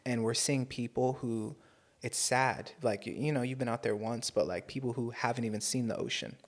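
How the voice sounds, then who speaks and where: A man's voice: mid-range voice, steady tone, normal speed. A man in his twenties co-hosting a podcast, talking bluntly and casually and swearing freely. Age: 20s. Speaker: podcast co-host. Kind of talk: casual chat.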